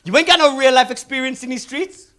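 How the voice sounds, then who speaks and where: Brief: man playing a cocky male street con man, brash and shouting taunts, pitched up high. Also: fairly quick.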